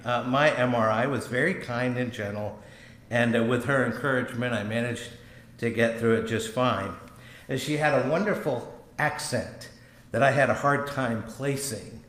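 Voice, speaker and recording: A middle-aged man preaching a sermon in a church, leading a prayer and then talking in a conversational, gently humorous way. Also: mid-range voice. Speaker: pastor. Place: church sanctuary. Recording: echoey church room.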